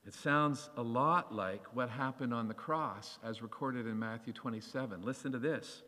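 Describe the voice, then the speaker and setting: A man preaching a sermon, animated and acting out the voices of scripture as he reads. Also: mid-range voice, normal speed, in a large hall.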